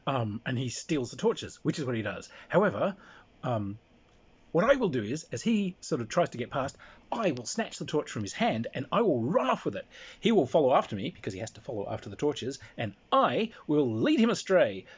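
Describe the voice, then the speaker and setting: A man's voice: mid-range voice, big pitch swings, a little fast, slightly rough, dull audio. A man telling a playful anecdote about a tabletop game, slipping into character voices. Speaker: storyteller recounting a tabletop game. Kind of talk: casual anecdote with acted-out voices.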